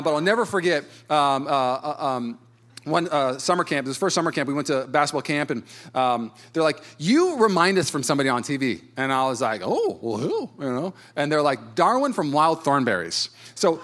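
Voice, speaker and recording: A man's voice: on the high side, a bit bright. A man, a pastor preaching a sermon in a conversational, storytelling way with self-deprecating humor.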